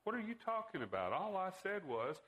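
A man's voice: sits high, sing-song, brisk, fairly bright tone, voice pushed up, low-quality recording. A man voicing a middle-aged father who defends his views with bluster in a read-aloud story. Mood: defensive.

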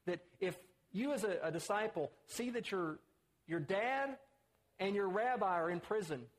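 A man's voice: expressive, normal speed. A man preaching a conversational sermon, acting out the quotes he reads. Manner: conversational, acts out quotes with rising pitch.

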